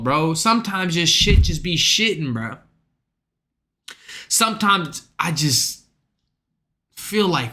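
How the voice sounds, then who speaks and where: Profane high-voiced man ranting to chat. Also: pushed and bright. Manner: profane, exasperated, rambling. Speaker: streamer.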